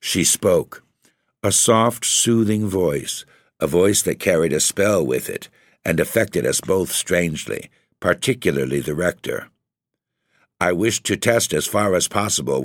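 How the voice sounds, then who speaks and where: A man with a very deep, low voice reading a gothic horror story. His delivery is measured and grave, with a dramatic weight on each phrase, and the sound is dry and close. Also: animated, no room sound. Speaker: narrator.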